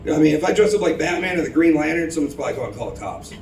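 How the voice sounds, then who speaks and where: A man's voice: on the high side, animated, racing, darkish tone, echoey room, recorded from a distance, slight background noise, low-quality recording. A man from Houston doing a rambling, self-deprecating open-mic stand-up set in a bar. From Houston, Texas. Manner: rambling, self-deprecating, many ums and restarts. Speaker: stand-up comedian. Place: bar stage.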